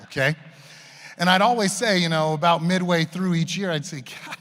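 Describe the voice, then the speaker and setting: A man's voice: high voice, moderate pace, fairly bright tone. A man delivering a graduation speech outdoors, telling a funny family story with self-deprecating humor before closing earnestly. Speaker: graduation speaker. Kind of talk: commencement speech. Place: outdoor stadium ceremony. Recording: reverberant public address sound.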